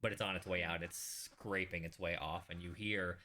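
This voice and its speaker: A man running a tabletop game as dungeon master, his voice low yet bright. He narrates in a relaxed, halting way, full of small pauses and fillers.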